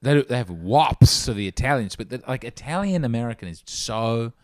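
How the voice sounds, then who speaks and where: A man hosting a casual comedic chat, riffing in a dry, deadpan, rambling way. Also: medium pitch, fairly quick, no room sound. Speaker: podcast host.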